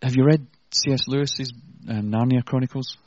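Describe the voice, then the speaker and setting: A man's voice: mid-range voice, steady tone, normal speed, darkish tone, no echo, muffled recording. A man preaching an earnest, conversational sermon with self-deprecating asides.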